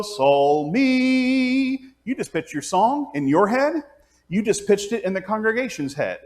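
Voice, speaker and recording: A man teaching a class on leading congregational singing, explaining step by step and singing out pitches and counting beats aloud. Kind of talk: hands-on music class teaching.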